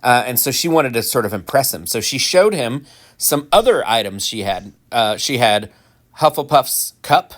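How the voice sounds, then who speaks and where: A man giving casual, rambling commentary while playing a game, full of ums and restarts, with animated mock-indignant asides. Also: mid-range voice, moderate pace. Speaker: gaming channel host.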